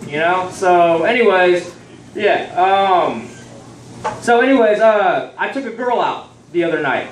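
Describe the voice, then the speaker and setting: A high-pitched young man, telling rambling, profane stories in a stand-up set. His voice comes from a distance in a roomy club, with faint ambience behind it. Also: moderate pace, a little hiss or hum. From Texas. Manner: rambling, profane, loose storytelling. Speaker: stand-up comedian. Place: comedy club stage. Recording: roomy sound from a distant mic.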